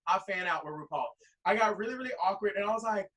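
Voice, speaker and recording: A drag performer guest telling a long, rambling anecdote full of quoted dialogue. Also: male voice, sits high, animated, fast talker, pushed and bright, recorded from a distance, poor audio. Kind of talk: animated storytelling.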